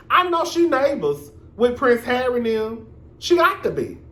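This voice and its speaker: A man hosting his own reality TV review vlog, talking in a sassy, animated, profane gossip style with drawn-out emphasis. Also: extremely high pitch, echoey room. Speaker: reality TV reviewer, show host. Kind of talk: casual commentary vlog.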